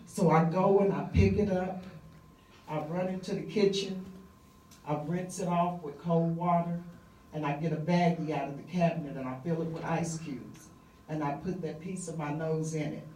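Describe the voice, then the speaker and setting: A middle-aged woman telling a personal story live on stage, vivid and conversational with frequent pauses and fillers. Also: low-pitched, steady tone, warm tone, reverberant, recorded from a distance, a little hiss or hum, poor audio.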